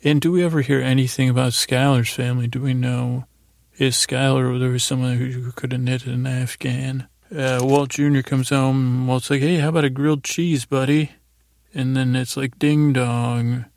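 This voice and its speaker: A man's voice: mid-range voice, flat delivery, moderate pace, creaky, a little mellow, no echo, studio quality. A man hosting a sleep podcast, loosely retelling TV scenes in a meandering bedtime ramble.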